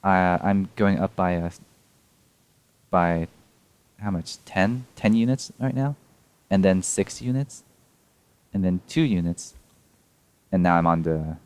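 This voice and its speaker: A man's voice: low-pitched, expressive, takes it slowly, long pauses, darkish tone, smooth, no room sound. A young man casually explaining his game run frame by frame, rambling and correcting himself with small laughs. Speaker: speedrun player explaining a tool-assisted run.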